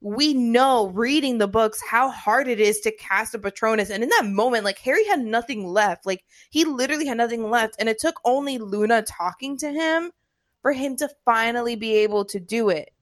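A woman's voice: fairly high pitch, lively intonation, normal speed, no echo. A woman hosting a casual chat, talking in a gushing, emotional way with lots of "like". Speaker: podcast host.

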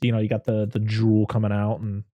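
A man's voice: on the low side, monotone, fairly quick, mellow, dry recording, dull audio. A man hosting a podcast, chatting casually about a film, rambling and laughing often. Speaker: podcast host. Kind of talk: casual film review chat.

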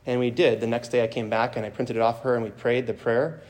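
A man's voice: mid-range voice, little pitch movement, fast, a little mellow. A man preaching a homily as a priest, telling a story in an earnest, plain way.

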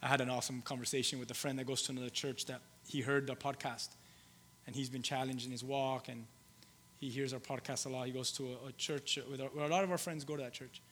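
A male pastor preaching a sermon, shifting between loud emphatic lines and soft, low storytelling, with halting restarts and repeated phrases. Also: little pitch movement, a little hiss or hum. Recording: long hall reverb.

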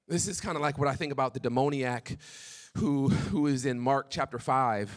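A young man preaching a sermon, swinging between quick, animated stretches and hushed, slow lines. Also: medium pitch. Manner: animated preaching, drops to hushed tones for God's words. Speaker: pastor.

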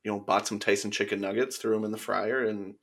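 Casual male podcast guest, gravelly voice, flat emphatic refusals. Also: on the low side, fast. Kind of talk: casual chat.

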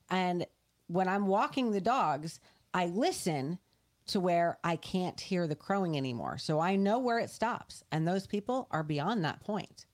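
A woman's voice: lowish voice, a little mellow. A woman co-hosting a podcast, earnestly explaining a situation in casual, talkative speech. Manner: earnest, explanatory, talks it through with restarts. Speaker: podcast co-host.

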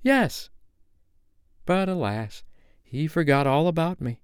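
A man's voice: on the high side, sing-song, moderate pace, smooth, no echo, clean studio sound, voice pushed up. Wendy, a man voicing a tender grown mother. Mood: wistful. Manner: soft and tender.

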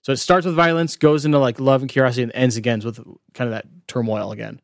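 A man talks through a record in a relaxed podcast chat, leaning on "like" as he thinks aloud. His voice sits at an ordinary middle pitch. The sound is close and dry, with no room in it. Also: quick pace, creaky, dry recording. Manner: chatty, lots of "like" fillers. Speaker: podcast co-host. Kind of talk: casual chat about an album.

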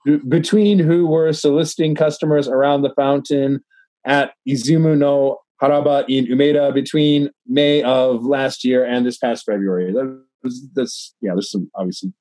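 A man's voice: mid-range voice, steady tone, normal speed, dark tone, no echo. A tipsy man co-hosting a podcast, rambling and swearing as he reads news stories aloud with many restarts. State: tipsy from drinking. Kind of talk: casual profane banter, reading articles aloud.

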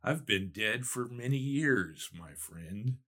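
A man reading aloud the lines of a long-dead woman's ghost, his first love, in a soft, low voice. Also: expressive, takes it slowly. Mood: tender.

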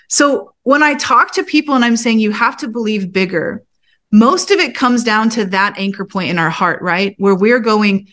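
A woman's voice: medium pitch, expressive, normal speed, a bit bright. A woman in her thirties, a pastor and author, telling her personal testimony as a podcast guest in an earnest storytelling way, acting out her own prayers with rising emotion.

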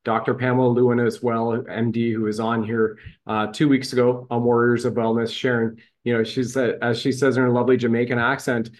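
A man's voice: medium pitch, level tone, fairly quick, few pauses. Effusive male podcast host. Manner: effusive, praising, with restarts. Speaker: show host. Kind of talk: enthusiastic podcast interview.

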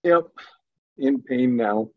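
A man taking part in a live online session, speaking slowly and with formal politeness. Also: medium pitch, phone-quality sound. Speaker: caller. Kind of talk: live call-in participant.

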